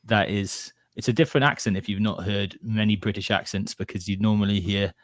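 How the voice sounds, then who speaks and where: A man's voice: fairly low pitch, fairly even intonation, a little fast, dry recording, studio quality. A man from West Wales with a Welsh accent, hosting a casual podcast with lots of teasing and laughter. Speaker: podcast host. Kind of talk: casual chat.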